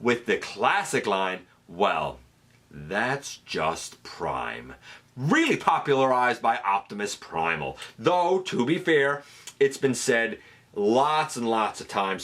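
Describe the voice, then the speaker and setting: A man's voice: medium pitch, fairly bright tone. Male host for a fan countdown video, chatty and upbeat, voice that swings widely up and down, casual with plenty of fillers. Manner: chatty and enthusiastic, with fillers and restarts. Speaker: host counting down a top ten list. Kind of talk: casual fan commentary to camera.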